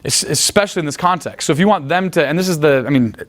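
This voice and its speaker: A young man teaching as a dating coach in casual seminar talk, blunt and crude, checking in with his listeners often. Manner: blunt and crude, acts out quick high-pitched quoted exchanges.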